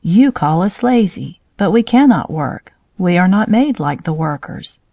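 A woman's voice: fairly low pitch, lively intonation, a little slow, creaky, dark tone, no room sound, heavily acted. A woman reading a storybook aloud, voicing a proud, self-important male drone bee who means to be king. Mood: complaining.

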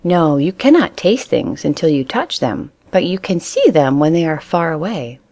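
A woman's voice: deep voice, very animated, normal speed, a little mellow, dry recording, full character voice. Woman voicing a tired mother rabbit. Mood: patient.

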